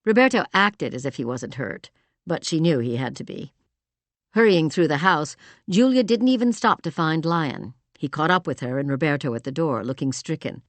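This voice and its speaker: A woman narrating a romance audiobook in an expressive storytelling manner, also speaking the heroine's lines. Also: low-pitched, normal speed, dry recording. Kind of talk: scripted narration.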